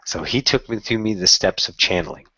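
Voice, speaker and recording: A man with a deep, husky voice tells his own story in a candid, excitable way and swears now and then. The sound is dry and close, on a dull lo-fi recording. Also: fairly quick, no echo. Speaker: channeler telling his story. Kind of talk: casual personal storytelling.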